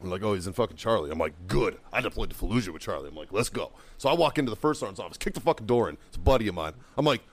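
A middle-aged man and former Marine telling a heated, heavily profane story on a podcast, now and then yelling as he acts out what was said. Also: lowish voice, animated, rapid-fire, few pauses, no room sound. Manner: bursts into loud yelling while acting out quotes. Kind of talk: casual chat, storytelling.

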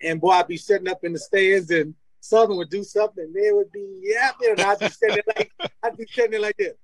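Talking fast in a high voice, a man from Louisiana recalls stories from his time as a college football player while guesting on an interview. He's lively, laughs often, and acts out dialogue; the recording is rough with no room sound.

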